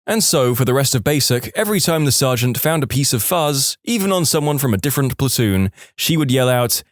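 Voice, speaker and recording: A man reading online stories aloud in an animated storytelling way, recorded close on a studio mic. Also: medium pitch, brisk, few pauses, no echo. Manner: animated storytelling, switching into voices. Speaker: narrator.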